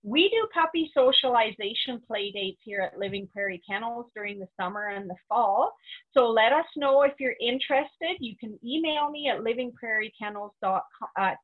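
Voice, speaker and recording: A woman dog trainer talks through a webinar lesson in a practical, instructive way. Her voice sits fairly high. The audio is thin and phone-like. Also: animated, normal speed. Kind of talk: webinar teaching.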